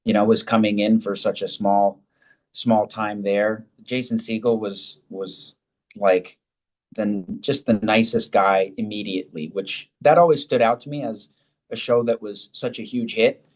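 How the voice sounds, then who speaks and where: Easygoing male actor guest, lowish voice, rambles and restarts. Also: steady tone, unhurried. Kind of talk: casual interview answers.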